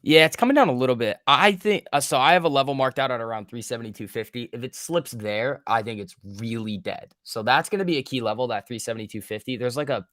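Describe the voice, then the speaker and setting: A man's voice: mid-range voice, quick pace, few pauses, fairly bright tone, dry recording, studio quality. Casual man breaking down stock charts. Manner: explains levels step by step, casual. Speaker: trading educator co-host. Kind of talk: live stream chart breakdown.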